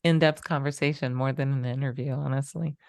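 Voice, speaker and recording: A woman's voice: a bass voice, fairly even intonation, fairly quick, dry recording, clean studio sound. A middle-aged woman co-hosting a podcast, talking reflectively and agreeing readily. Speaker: podcast co-host. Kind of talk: conversational interview.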